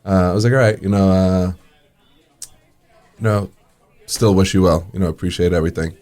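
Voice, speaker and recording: A low-voiced man, a restaurant owner who is a guest on an interview. He relaxes into long anecdotes, acts out the quoted dialogue and chuckles as he goes. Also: steady tone, normal speed, darkish tone. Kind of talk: casual storytelling in an interview.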